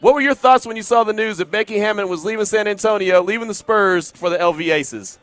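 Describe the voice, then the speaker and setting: A man's voice: high-pitched, fast, fairly bright tone, no room sound. A man hosting a sports talk radio show, chatting casually and upbeat with callers and guests from the studio. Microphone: studio microphone.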